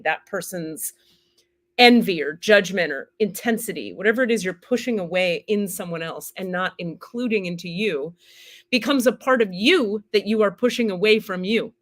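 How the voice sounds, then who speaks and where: A woman's voice: medium pitch, lively intonation, brisk. A woman teaching on a live stream in a candid, casual way, swearing freely and acting out the inner voices she describes. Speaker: spiritual teacher and healer.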